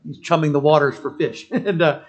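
A man delivers a sermon with fervor, his slightly raised voice climbing to loud declarations and then dropping low for stories. He slips in wry, humorous asides between the big moments. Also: moderate pace, lo-fi sound. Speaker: pastor.

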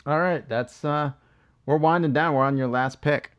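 A man's voice: a little high, moderate pace, fairly bright tone, smooth. A man, co-hosting a podcast and telling rambling, profane stories in casual chat. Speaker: podcast co-host.

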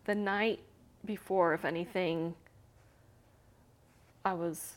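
A woman's voice: lowish voice, steady tone, slow. A middle-aged woman, an interview guest, candidly telling an emotional personal story, full of fillers and sometimes dropping to a whisper. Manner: candid, many "you know" and "like" fillers, drops to whispers.

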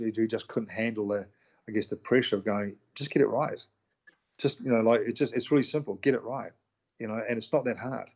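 A man's voice: fairly low pitch, muffled recording. A middle-aged man, a chef and restaurant owner, candidly telling stories in a casual interview, acting out voices and swearing now and then. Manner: candid, animated storyteller, acts out quoted voices, swears.

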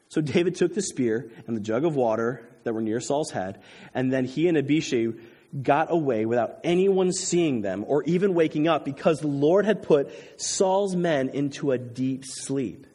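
Husky-voiced preacher in a reverberant hall. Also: male voice, mid-range voice, moderate pace. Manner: animated, shifting between loud emphasis and quiet intensity. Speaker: pastor. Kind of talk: sermon.

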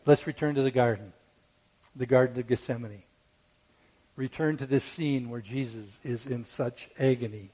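A man preaching a sermon who rises to loud, fervent peaks when quoting scripture and fires off rhetorical questions. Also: mid-range voice, slightly rough, rough recording. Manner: asks rapid rhetorical questions.

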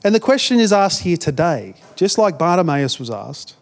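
A man's voice: high-pitched, very animated, normal speed. A man with an Australian accent, a pastor giving a conversational sermon, often repeating words as he builds a point.

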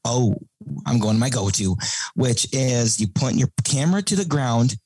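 A man chats as a podcast guest, spinning stories and acting out the lines people said. He laughs often. His voice sits at an ordinary pitch and sounds dry and close. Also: animated, normal speed, mellow, breathy edge, no room sound, rough recording. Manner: laughing storyteller, acts out quotes. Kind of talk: casual chat.

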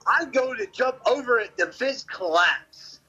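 A man from Memphis, telling a story as a podcast guest in a rambling, animated way and swearing constantly. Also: very high-pitched, a little slow, slightly rough, highs cut off, faint music behind. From Memphis, Tennessee. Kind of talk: casual storytelling.

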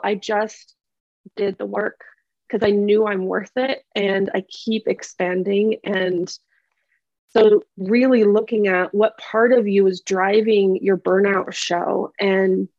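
A woman's voice: medium pitch, no room sound, muffled recording. A woman guest on a podcast sharing her story in a heartfelt, emphatic way, laughing often. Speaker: podcast guest, empowerment coach.

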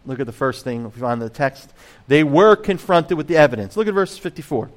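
A man's voice: a little high, expressive, a little fast. A man preaching a sermon in a conversational way, full of rhetorical questions and acted-out voices of the crowd. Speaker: pastor.

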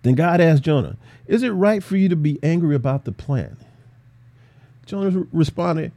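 Man, Bible teacher, fairly high voice, animated, conversational. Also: moderate pace. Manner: animated, voices biblical characters, laughs often.

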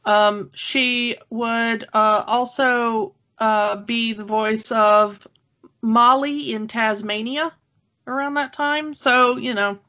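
A woman in her thirties chats casually as a podcast co-host. She often breaks into laughter. Her voice sits fairly high, and the recording sounds dull and lo-fi. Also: fairly even intonation, slow, sharp tone. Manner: chatty, laughs often, fillers and restarts. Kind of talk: casual chat.

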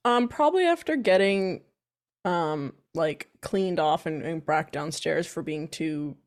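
A woman's voice: deep voice, animated, a little slow. A woman player in a tabletop game, hedging casually with lots of "like". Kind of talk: casual chat.

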